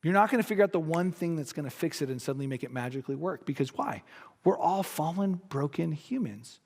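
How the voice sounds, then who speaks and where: A man preaching a sermon as pastor, casual and joking, with animated asides. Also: fairly high pitch, fast. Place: church sanctuary. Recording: long church-hall reverb.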